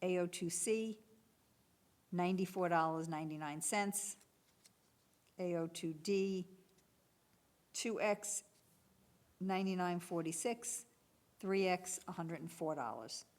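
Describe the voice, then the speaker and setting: A woman serving as a municipal clerk, reading out item codes and bid prices at a public bid opening in a steady, businesslike way. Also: lowish voice, slow pace, long pauses.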